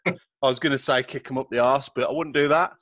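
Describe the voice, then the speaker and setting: A man hosting a podcast in a chatty, jokey way and laughing loudly. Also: mid-range voice, steady tone, quick pace. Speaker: podcast host. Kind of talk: casual podcast chat.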